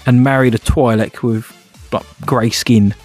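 A man co-hosting a podcast, easygoing and quick to laugh. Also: mid-range voice, steady tone, darkish tone. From United Kingdom. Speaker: podcast co-host. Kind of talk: casual chat. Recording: faint music behind.

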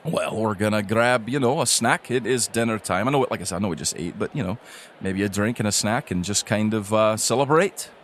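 A fretful dwarf king and doting father, played by a man, hesitant and stumbling over his words in a tabletop game. The voice sits low. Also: a little fast, slight background noise, lightly acted. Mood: friendly. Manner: hesitant, full of ums and uhs.

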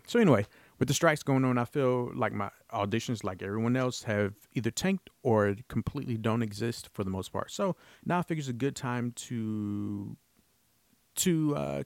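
A man's voice: medium pitch, vocal fry, no room sound. A man hosting his own podcast, talking casually and earnestly, rambling with frequent restarts. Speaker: podcast host. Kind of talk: casual solo podcast talk.

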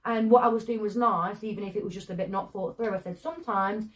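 A woman co-hosting a podcast, telling stories fast and expressively with some swearing. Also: medium pitch, fairly even intonation. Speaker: podcast co-host. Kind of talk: casual chat.

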